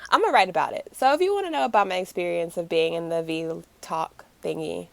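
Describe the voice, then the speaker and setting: A woman co-hosting a casual chat podcast, a teasing, lively storyteller. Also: fairly low pitch, fast talker, vocal fry, no room sound. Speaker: podcast co-host.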